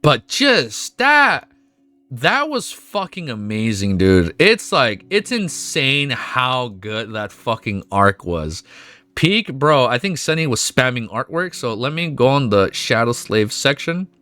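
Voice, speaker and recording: A man streaming at home, reading a webnovel aloud and reacting with emotional, excitable outbursts full of swearing. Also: medium pitch, takes it slowly. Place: at home with his dog.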